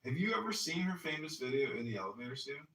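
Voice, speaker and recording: A man's voice: mid-range voice, sing-song, racing, fairly bright tone. A man casually telling a profane, jokey anecdote. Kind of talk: casual storytelling and banter. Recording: roomy, from a distance, faint ambience.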